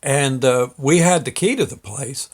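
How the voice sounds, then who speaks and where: A man's voice: medium pitch, a little slow. Rambling, folksy male storyteller. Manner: rambling, folksy, with many fillers and restarts. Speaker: show host telling a personal story. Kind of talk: casual storytelling.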